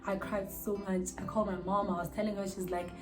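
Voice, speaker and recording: Animated South African woman telling a story. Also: mid-range voice, fairly quick, poor audio. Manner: animated storytelling, voice jumping up when outraged. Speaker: vlogger. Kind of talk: storytime vlog.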